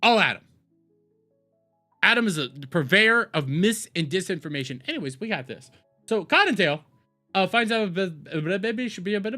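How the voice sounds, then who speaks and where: A man with a fairly high voice reacts to a video on his stream. He's excitable and profane, rambling casually and joking around with his chat.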